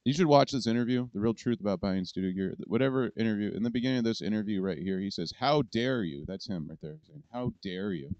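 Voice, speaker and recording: A deep, smooth-voiced man rants about politics in a rambling, indignant way, cursing as he goes. His voice is close and dry, and the sound is a little dull and lo-fi. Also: quick pace, hardly any pauses, a little mellow, no room sound. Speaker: political commentary host. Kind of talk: casual ranting commentary.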